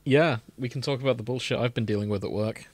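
A man's voice: medium pitch, quick pace, a little mellow. A man co-hosting a podcast in casual chat, bantering and swearing with exasperation. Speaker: podcast co-host.

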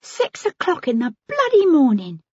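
A woman's voice: high-pitched, wildly swooping pitch, no room sound, highs cut off, pitched above the performer's own voice. A woman narrator voicing a frightened, cheeky young street girl with brash slang, in an audiobook. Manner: brash, quick, working-class slang.

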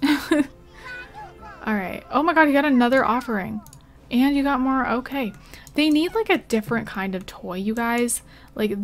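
A young woman hosts casual let's play commentary in a slightly high voice. She reacts with quick exclamations and talks straight to the characters on her screen, urging and comforting them as she plays. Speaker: gaming channel host.

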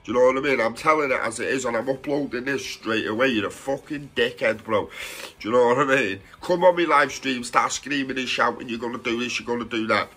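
A man's voice: mid-range voice, fairly quick, fairly bright tone, husky. A young man, a live streamer, angrily ranting to camera, swearing and confronting someone, repeating "do you know what I mean". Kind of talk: angry call-out rant to camera.

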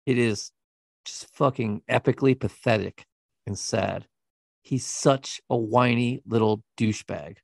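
A man's voice: mid-range voice, unhurried, gravelly, dry recording, studio quality. A man co-hosting a podcast, telling a true-crime story in a blunt, profane, scornful way. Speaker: podcast co-host.

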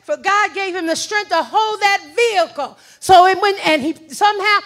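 A woman giving a testimony in church in a sing-song preaching cadence that breaks into shouts. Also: very high-pitched, normal speed. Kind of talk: sermon testimony. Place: church sanctuary.

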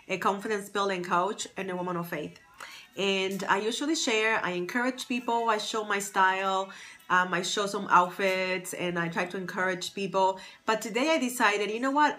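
A woman's voice: mid-range voice, sharp tone. A woman hosting a casual live stream from her phone, upbeat and chatty, greeting viewers by name. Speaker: livestream host, fashion stylist and confidence coach. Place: at home near Boston.

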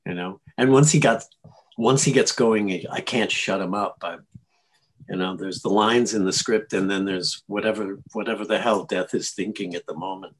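Husky-voiced male actor telling stories. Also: fairly low pitch, normal speed. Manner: animated and chuckling, with frequent restarts. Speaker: actor guest. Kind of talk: casual interview storytelling.

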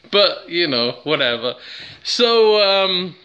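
An Englishman reviews a plant while chatting casually to a handheld camera, cracking jokes and drifting onto tangents in a rambling way. His voice is high, pushed and bright at normal speed, and the sound is lo-fi.

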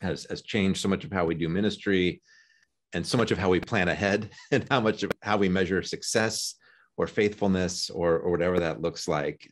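A man, a professor co-hosting a podcast over a video call, discussing a Bible passage in a lively, wry way. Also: deep voice. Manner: lively and wry, acting out voices in his retelling. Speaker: seminary professor, podcast co-host. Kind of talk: casual discussion of scripture.

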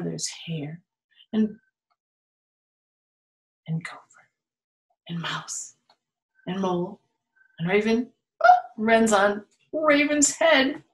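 Animated woman reading to kids. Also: mid-range voice, echoey room, poor audio. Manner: playful, animated, laughs often. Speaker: children's museum storytime reader. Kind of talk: reading a picture book aloud to children.

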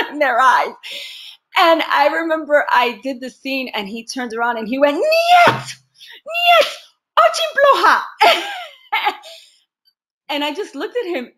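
Animated, laughing woman actress telling stories. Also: sits high, normal speed. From United States. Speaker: actress, interview guest. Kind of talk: casual interview storytelling.

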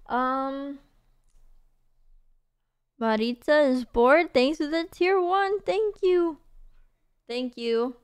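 Young woman streamer, high and smooth, gushing casual chat. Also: very slow, pauses often. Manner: bubbly, gushing, many fillers and laughs. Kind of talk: casual chat reading messages.

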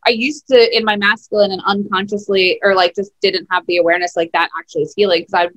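A woman guest in a casual podcast chat, animated and quick to laugh, often quoting herself in lively asides. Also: medium pitch. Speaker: guest, nutritionist.

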